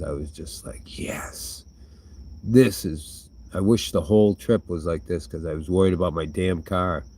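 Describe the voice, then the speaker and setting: A lowish-voiced man rambles through answers to viewer questions, swearing freely and restarting his sentences. A smoker's cough breaks in between thoughts. The sound is dry and close, with no room echo. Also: darkish tone. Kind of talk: casual chat, swearing freely.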